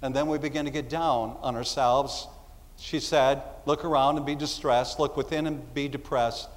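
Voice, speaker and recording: In a hall full of reverb, a man delivers a sermon as a pastor, using a mid-range voice with fairly even intonation at normal speed. He preaches conversationally and acts out little asides.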